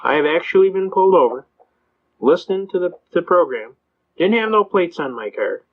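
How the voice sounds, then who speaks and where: A man lecturing in a rapid, folksy storyteller's way, his voice a touch high for a man. The recording is dull and lo-fi, as if muffled. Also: expressive. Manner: fast-talking. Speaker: speaker giving legal advice. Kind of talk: anecdotal lecture.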